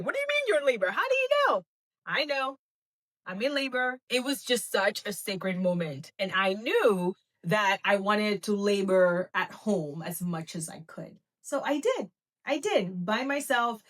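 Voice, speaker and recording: A woman in her thirties hosting a podcast, telling a personal story in a casual, lively way and acting out what people said. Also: medium pitch. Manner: animated, laughing, acts out quoted talk. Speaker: podcast host.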